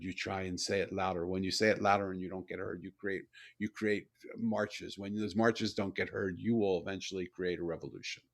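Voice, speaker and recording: Older guy, gravelly voice, animated storyteller in an interview, keeps repeating words. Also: on the low side. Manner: animated, repeats words when building a point. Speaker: guest, author and CEO. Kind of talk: storytelling in a conversation.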